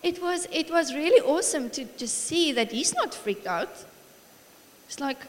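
A woman's voice: high-pitched, unhurried. Encouraging woman preaching in an echoing hall. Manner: warm, encouraging, lively storytelling with frequent laughs. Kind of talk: sermon. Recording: long reverb of a large hall.

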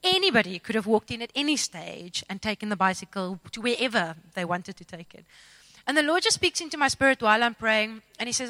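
A woman telling a personal faith testimony in an expressive, self-mocking, dramatic storytelling way. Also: a little high, a little fast, no room sound. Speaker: speaker sharing a testimony.

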